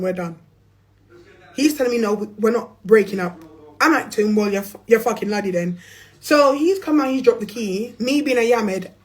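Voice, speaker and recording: A young woman with a London accent telling a story on a livestream in a blunt, profane, slangy way. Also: on the high side. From England. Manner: blunt and profane, slangy, animated with bursts of laughter. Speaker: influencer on a livestream.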